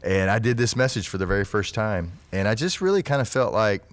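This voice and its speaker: A man telling stories from his past in a casual podcast chat, chatty and quick to laugh. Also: on the low side, lively intonation.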